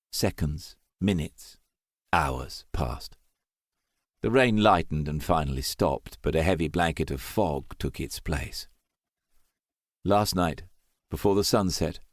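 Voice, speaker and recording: A man's voice: sits low, no room sound, studio quality. A man narrating an audiobook thriller in an emotive, dramatic way.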